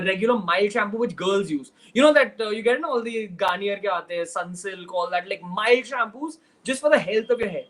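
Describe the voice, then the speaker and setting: A man's voice: sits high, a bit bright, poor audio. A young man from Mumbai with a Mumbai Indian English accent, hosting a casual livestream Q&A in a chatty, direct way and slipping into Hindi phrases. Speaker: host.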